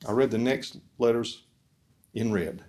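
A man giving an earnest preaching talk at a forum, asking the audience questions and swinging between loud emphasis and soft, quiet lines. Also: medium pitch, fairly even intonation, measured pace. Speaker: speaker at a discipleship forum.

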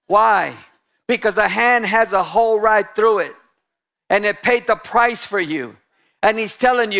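A man preaching as a guest pastor, animated and a little sarcastic, acting out quotes as he goes. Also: high-pitched, a little slow. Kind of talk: lively sermon.

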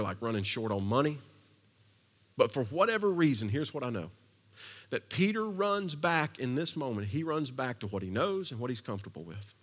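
A man preaching a sermon, conversational and storytelling, swinging from loud to hushed. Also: mid-range voice. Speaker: pastor. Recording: long reverb of a large hall.

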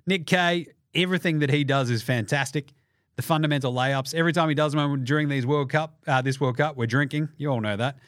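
A young Australian man rattles through a casual sports podcast monologue, sweary and joking, slipping into quick impressions of players and fans. His voice sits a little high for a man, and it is recorded close and dry with no room sound. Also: fairly bright tone, no room sound. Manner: sweary, jokey, mimics people in quick put-on voices. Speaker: podcast host.

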